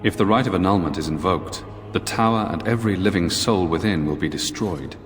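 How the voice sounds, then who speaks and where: A deep, grave knight from a fantasy game, voiced by a man, speaking in formal, measured sentences. His voice rings with a long reverb over faint background music. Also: natural voice.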